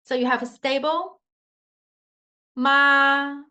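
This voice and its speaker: This is a Mandarin tone lesson from a woman whose slightly high, somewhat bright voice has a sing-song quality, with the high frequencies cut off. She's slow, patient and demonstrative, using non-native English grammar.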